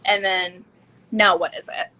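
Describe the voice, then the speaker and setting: A woman's voice: medium pitch, flat delivery, measured pace, bright, forceful tone, poor audio. A woman hosting a casual chat about dog training, chatty and full of fillers. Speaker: podcast host.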